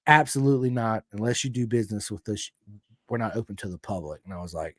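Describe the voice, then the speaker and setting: A man with an American country accent hosting a podcast, telling stories in an excitable, swearing, up-and-down way. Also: on the low side, fast, no room sound. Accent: American Southern country. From United States. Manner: excitable storyteller, swears freely, big swings in energy. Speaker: podcast host. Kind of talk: casual chat.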